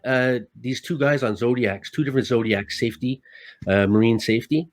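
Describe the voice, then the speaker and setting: A man who works as a stuntman, a guest telling stories in casual, animated talk, swearing often and acting out his own lines. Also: medium pitch, a little fast, dry recording. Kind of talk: casual storytelling.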